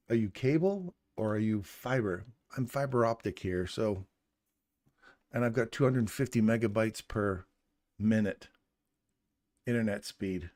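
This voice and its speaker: This trading stream host has a fairly low, darkish voice that is animated yet a little slow, with long pauses. He jokes and chats casually while sorting out his audio settings aloud, recorded through a studio condenser mic.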